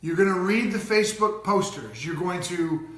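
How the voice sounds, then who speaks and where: A man's voice: sits high, animated, normal speed, a bit bright, roomy sound. A middle-aged man co-hosting a casual parenting talk, telling stories animatedly and mimicking voices. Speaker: co-host.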